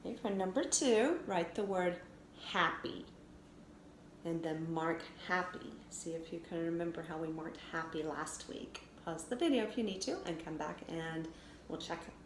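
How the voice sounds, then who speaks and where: A woman teacher giving a recorded phonics lesson for children, sounding out letters slowly and clearly. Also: lowish voice. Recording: echoey room with faint noise.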